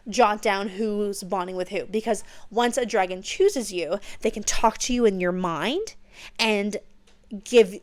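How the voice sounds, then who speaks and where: Gushing young woman recapping a book. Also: mid-range voice. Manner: gushing, excitable, swears freely, slips into hushed whispers for emphasis. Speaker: podcast host.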